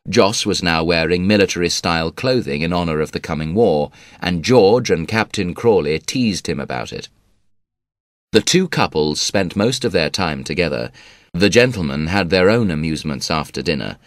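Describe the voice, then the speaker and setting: A man narrating a classic novel as a measured audiobook reading. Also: low voice, dry recording, studio quality. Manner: measured, even storytelling.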